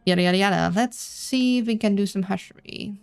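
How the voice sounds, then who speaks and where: Gravelly-voiced woman streaming a game. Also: mid-range voice, fairly quick, faint music behind. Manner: chatty, playful, stumbles over names. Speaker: let's-play streamer. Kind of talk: casual game playthrough, reading on-screen text aloud.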